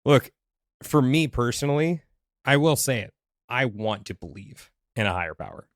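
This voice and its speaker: A man's voice: mid-range voice, lively intonation, moderate pace, no echo, clean studio sound. A man hosting a podcast, talking candidly and thinking aloud, with restarts and playful asides. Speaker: podcast host, past life regressionist. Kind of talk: casual conversation.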